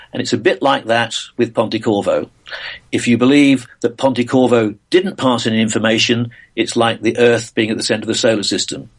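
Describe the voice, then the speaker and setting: An older man from England, a physicist guest, answering interview questions in a thoughtful way, full of pauses, uhs and restarts. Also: mid-range voice, husky.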